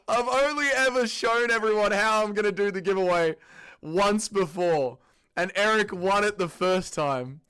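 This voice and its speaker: A young Australian man hosts a live stream and chats with his viewers, bursting into laughter and swearing freely as he reads their messages. His voice sits a little higher than most men's. The tone is loose, rowdy banter. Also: normal speed, bright, forceful tone, clear, resonant tone. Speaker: livestream host. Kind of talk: casual livestream chat reading viewer comments.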